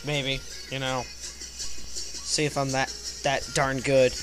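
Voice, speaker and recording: A young man giving excitable, slangy commentary over a recorded game battle, yelping his reactions. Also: mid-range voice, slow. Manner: excitable, yelps reactions and swears. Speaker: gaming channel host. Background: faint metal music.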